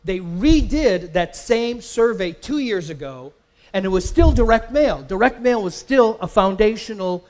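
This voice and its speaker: A man's voice: high voice, animated, unhurried, a little mellow. A man giving a live marketing workshop, talking emphatically, often repeating words and quizzing the audience with questions. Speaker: workshop presenter. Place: live event in a company facility.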